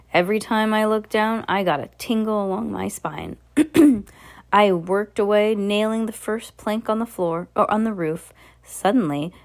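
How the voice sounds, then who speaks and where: A woman reading a children's novel aloud with expressive storytelling. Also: fairly low pitch. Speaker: reader.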